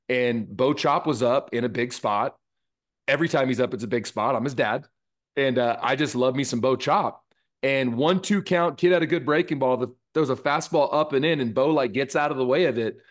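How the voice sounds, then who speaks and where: Brief: male podcast co-host, youth baseball coach, easygoing and rambling, mid-range voice. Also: medium pitch. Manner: loose and chatty, filler-heavy, says dude. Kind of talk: casual podcast chat.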